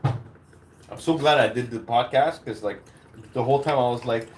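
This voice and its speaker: A man's voice: mid-range voice, a little slow, long pauses, noisy background. A young man hosting a podcast on his own, talking casually and crudely in a rambling way and laughing at his own stories. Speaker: podcast host. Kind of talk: casual solo podcast talk.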